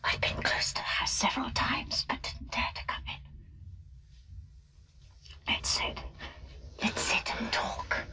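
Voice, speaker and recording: An actress playing a worn-out, dreamy young woman who talks in a hushed, half-whispered, wandering way. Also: slow pace, pauses often, poor audio. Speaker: actress in a film. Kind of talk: 1960s film drama acting.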